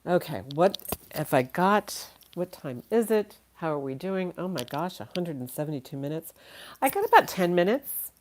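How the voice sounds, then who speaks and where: In a deep, slightly mellow voice at a normal pace, a woman runs a casual live-stream auction. She's chatty and thinks aloud, laughing often, though she sounds a little tired and yawns.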